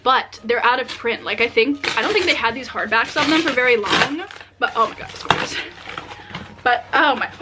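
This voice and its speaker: A young adult woman vlogging casually as she unboxes books, excitable and chatty with many filler words. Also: a little high, moderate pace, background noise. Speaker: book vlogger.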